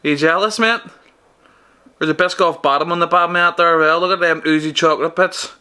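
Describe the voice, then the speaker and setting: A man's voice: fairly high pitch, fairly even intonation, a little fast, pushed and bright, smooth. A young man with a Northern Irish accent, chatting casually in a vlog, swearing often and calling the viewer mate. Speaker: fitness vlogger. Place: outdoors after the gym, then at home.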